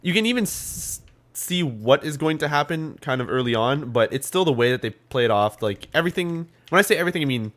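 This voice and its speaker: A man's voice: fairly high pitch, animated, fairly quick, a bit bright. A man co-hosting a gaming podcast, telling stories animatedly in casual chat and swearing freely. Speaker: podcast co-host.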